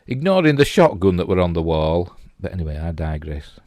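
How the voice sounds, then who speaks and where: A man's voice: low voice, sing-song, a little fast, darkish tone, dry recording. A middle-aged man with a Yorkshire accent, rambling casually and chuckling as he comments on pictures. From England. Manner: chatty, rambling, chuckling asides. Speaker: host.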